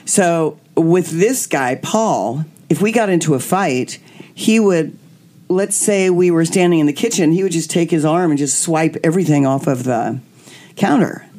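A woman's voice: sits low, unhurried. A woman guest candidly telling a personal story, acting out what people said. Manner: animated, acts out quotes.

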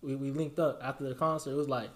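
A man's voice: medium pitch, steady tone, fast, a bit bright. A young man on a podcast chatting casually in slangy banter, talking about his clothing brand. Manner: laid-back slangy banter, laughs often.

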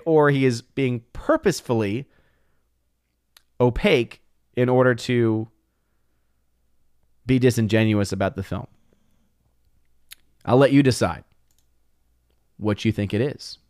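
A man with a mid-range voice runs a casual livestream, reading chat comments aloud and answering with amused asides. He is unhurried, with long pauses and a clean tone, in a dry, studio-quality recording.

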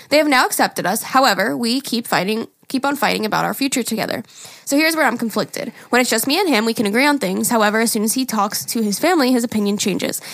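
A woman co-hosting a casual podcast, her voice pitched a little high for a woman. She talks frankly and with some teasing, and she reads listener emails aloud steadily. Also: a bit bright. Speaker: podcast co-host.

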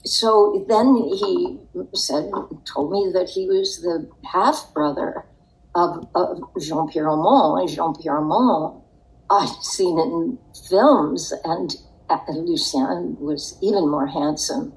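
An older woman, a guest on an interview show, telling a personal story in a reflective way with soft laughs. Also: fairly low pitch, slow, low-quality recording. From United States.

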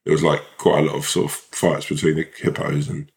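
A man in his young adult years with a very deep voice, chatting loosely as a podcast co-host. He rambles, piles up fillers and swears freely. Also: little pitch movement, a little fast, creaky. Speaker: actor. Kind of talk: casual chat.

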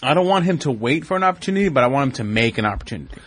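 A man co-hosting a casual wrestling podcast, talking in an excitable way, jumping in often and laughing easily. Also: medium pitch, very fast. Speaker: podcast co-host.

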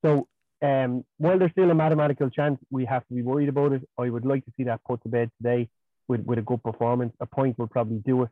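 A man co-hosting a football podcast, talking in a measured, agreeable way over a remote line. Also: medium pitch, fairly even intonation, no room sound. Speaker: podcast co-host. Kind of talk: casual football chat. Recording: tinny phone-like remote line.

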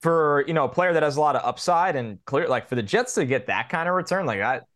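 A man co-hosting a casual sports podcast, telling stories in an animated, rambling way. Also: fairly high pitch, fast. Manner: animated storyteller, rambling restarts, laughs. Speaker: podcast co-host.

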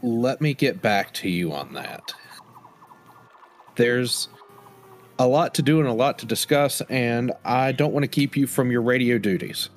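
A man's voice: medium pitch, lively intonation, measured pace. A man speaking as a player character in a tabletop game, hesitant and diplomatic. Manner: hesitant, diplomatic, filler-laden.

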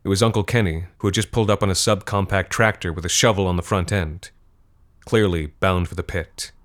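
A man reading a scripted horror story in a measured, grim manner. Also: low voice, fairly even intonation, a bit bright.

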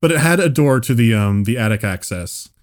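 A man on a relaxed comedy podcast spins out a story in loose, rambling sentences. He stops and restarts often, laughs through his own lines, and swears freely, in an easy middle pitch. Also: brisk. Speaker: podcast co-host.

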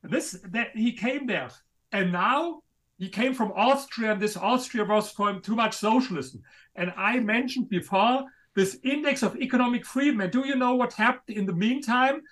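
A man with a German accent, a guest author making his case in an interview, speaking emphatically and a little haltingly. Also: very high-pitched, a bit bright. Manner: emphatic, a bit halting, non-native grammar. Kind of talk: interview conversation.

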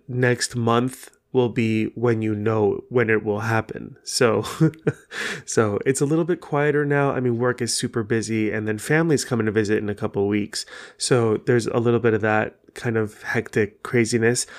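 A man's voice: fairly low pitch, steady tone, normal speed. A man whose first language is Persian hosts his own podcast in frank, casual solo talk. He rambles with lots of fillers and swears freely. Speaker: podcast host.

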